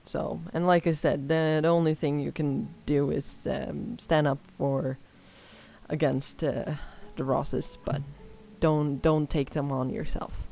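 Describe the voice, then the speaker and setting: A woman voicing a guarded, streetwise girl who leads a band of homeless kids, speaking in a halting, hesitant way. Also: sits low, level tone, vocal fry, warm tone, faint music behind, full character voice. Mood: coaxing.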